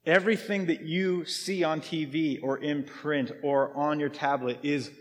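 A man's voice: fairly high pitch, steady tone, unhurried, in a large hall. A man giving a conversational sermon as pastor, who asks pointed questions and rises into emphatic peaks. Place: church.

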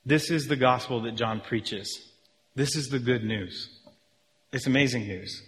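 A man preaching a sermon with lively energy, often acting out his listeners' reactions. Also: medium pitch, unhurried, in a large hall, slight background noise. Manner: animated, acts out reactions of listeners. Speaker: pastor.

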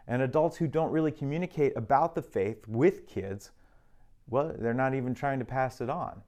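A man's voice: mid-range voice, darkish tone. Guy preaching a sermon, chatty teaching tone, dry jokes here and there. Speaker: pastor. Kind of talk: sermon on parenting and faith.

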